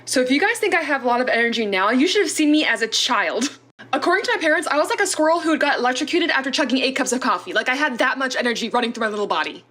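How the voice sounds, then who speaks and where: A young woman with a high, bright voice tells personal stories to her viewers. She talks casually and with animation, laughing between anecdotes and acting out the lines she quotes. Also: lively intonation, rapid-fire. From Southern California. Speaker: storyteller vlogger.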